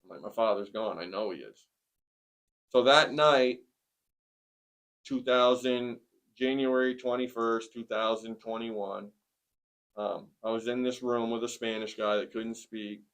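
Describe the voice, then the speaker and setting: A man in his forties tells a hard personal story in plain, earnest words. His voice sits at an ordinary middle pitch, and he often pauses with a soft "um" before going on. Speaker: interviewee sharing a testimony. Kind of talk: personal testimony in conversation.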